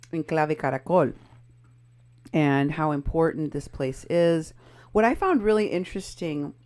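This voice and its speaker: Very low-voiced woman, pointed critic. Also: darkish tone. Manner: pointed and critical, walking through posts and photos. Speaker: co-host. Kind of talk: casual political commentary.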